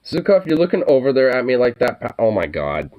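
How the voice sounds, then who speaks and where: On his vlog, a man with a medium-pitched, very animated voice talks briskly and casually in a laid-back way. He swears freely and coos at his pets, and the audio sounds dull.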